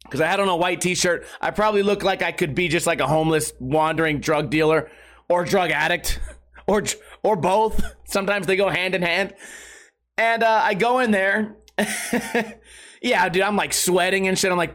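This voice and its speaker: A young man telling a comic story as a ranting, exasperated stand-up bit, swearing heavily and bursting into shouts. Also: sits high, normal speed. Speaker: comedian. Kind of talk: profane comedic storytelling rant.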